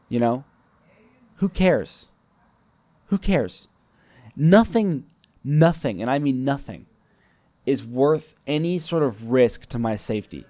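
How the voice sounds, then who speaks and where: Over a dry recording, a vlogger with a medium-pitched, slightly mellow voice tells a rambling personal story about work. The young man is hard on himself and acts out the lines he quotes, in the style of a casual storytelling monologue.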